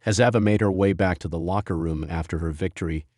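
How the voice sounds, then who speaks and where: A man reading a dramatic written story as narrator, in an even storytelling manner. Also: low voice, quick pace, no echo, clean studio sound.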